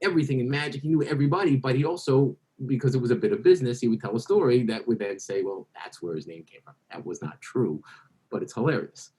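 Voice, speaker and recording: A male interview guest with an ordinary middle-pitched voice spins long anecdotes. He wanders, restarts and corrects himself mid-sentence in a relaxed conversational way. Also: quick pace, rough recording. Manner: rambling anecdotal, self-correcting. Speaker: guest author.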